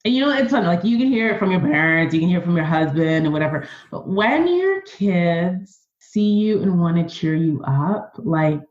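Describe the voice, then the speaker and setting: A woman being interviewed on a podcast who talks in an earnest, animated, conversational way. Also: on the low side, moderate pace, few pauses, reverberant, lo-fi sound. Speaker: podcast guest.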